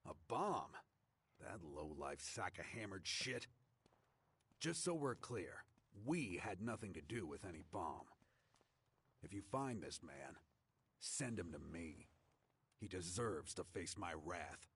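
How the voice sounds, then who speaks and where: An actor playing a stern, gruff male camp commander in a video game, speaking in a curt, commanding way. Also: low voice, big pitch swings, takes it slowly, long pauses, a bit bright, full character voice. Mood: grim.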